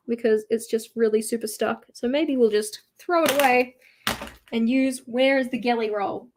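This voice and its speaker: A woman's voice: on the high side, moderate pace, slight background noise. A young woman hosting a journaling livestream, chatting casually and poking fun at herself as she works. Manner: chatty, self-mocking, talks to herself while working. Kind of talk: casual chat while crafting.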